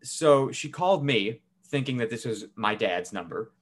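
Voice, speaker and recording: A man's voice: medium pitch, expressive, moderate pace. A young man co-hosting a podcast, telling a family story in a casual, swearing, laughing way. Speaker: podcast co-host.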